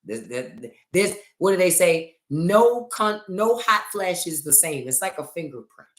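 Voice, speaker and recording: A lowish, very animated voice belongs to a middle-aged woman who speaks unhurriedly while hosting a casual livestream chat on her phone. Chatty and joking, she tells her stories theatrically in a room with noticeable echo.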